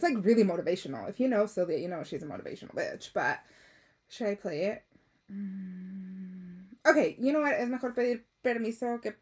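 A woman's voice: mid-range voice, breathy edge. Candid emotional woman podcast host. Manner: candid, emotional, mixes Spanish phrases, swears. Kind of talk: casual confessional chat.

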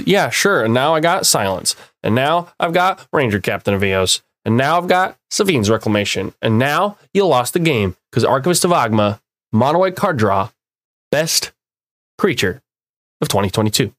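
A man's voice: medium pitch, sing-song, moderate pace, fairly bright tone, no room sound. Sarcastic man ranting in a dry room. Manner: sarcastic, mock-quoting opponents. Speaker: award presenter. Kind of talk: animated opinionated rant.

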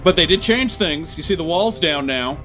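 A man's voice: a little high, expressive, normal speed, bright, forceful tone, faint music behind. A man hosting an interview, asking questions with a dry, teasing manner. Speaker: interview host. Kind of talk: casual interview chat.

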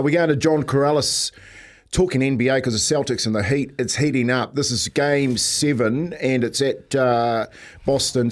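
A New Zealand man at mid pitch co-hosts a morning radio show. He rambles through casual banter, chuckles often and drops "mate" into nearly every sentence. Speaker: radio breakfast co-host.

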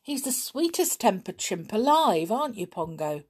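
A woman voicing a friendly, excitable circus boy in a storybook reading, raised in pitch. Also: moderate pace, slightly rough. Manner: excitable, folksy. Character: cheery circus boy, friendly and rough-spoken.

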